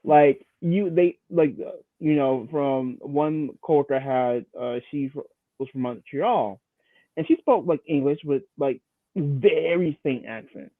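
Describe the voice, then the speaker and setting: A man co-hosting a TV recap show, chatting casually and telling animated stories. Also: fairly high pitch, unhurried, no room sound. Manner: animated storytelling. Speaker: podcast co-host. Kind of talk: casual chat. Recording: tinny phone-like line.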